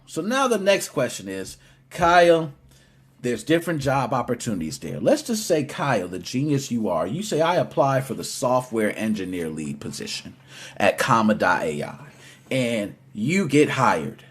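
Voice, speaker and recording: A man hosting a casual gaming podcast, teasing his guest in an animated, playful way. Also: medium pitch, normal speed, slightly rough. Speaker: podcast host.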